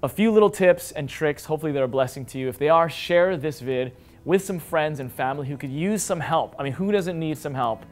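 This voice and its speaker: A man in his thirties with a slightly raised pitch, talking casually to camera about parenting. He is animated and conversational, and now and then slips into a high, whiny kid voice to make a point. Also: fairly quick. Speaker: parenting vlogger, father of five. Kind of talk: casual advice talk to camera.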